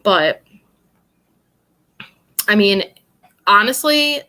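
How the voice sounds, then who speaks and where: A woman's voice: medium pitch, animated, very slow, pushed and bright. A young woman from New York, co-hosting a podcast and chatting casually, blunt and rambling, laughing often. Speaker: podcast co-host. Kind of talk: casual chat.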